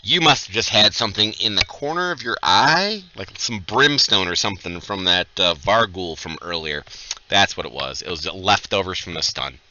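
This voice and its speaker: A man's voice: low voice, lively intonation, moderate pace, sharp tone, no echo, lo-fi sound. A man narrating a tabletop role-playing game as dungeon master, describing scenes and joking with his players. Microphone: headset over voice chat.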